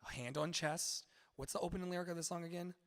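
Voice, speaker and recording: A man teaching a live-streamed singing lesson, animated, breaking into sung lyric lines to demonstrate. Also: on the high side, fast talker, big-room sound.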